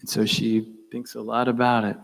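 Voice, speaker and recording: An older man telling a tense personal story on a conference stage, intense and dropping into hushed whispers for emphasis. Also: mid-range voice, monotone, moderate pace, vocal fry. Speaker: conference speaker. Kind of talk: dramatic keynote storytelling.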